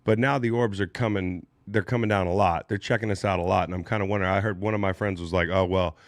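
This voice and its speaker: A man with a lowish voice hosts a loose studio chat. He talks in an animated, joking way and swears freely, recorded close and dry. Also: fast talker, no room sound. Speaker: podcast host.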